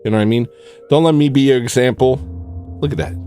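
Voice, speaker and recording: A man ranting in a rambling, jokey monologue on a livestream, swinging from shouting to muttering. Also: mid-range voice, fast talker, soft background music. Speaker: livestream host.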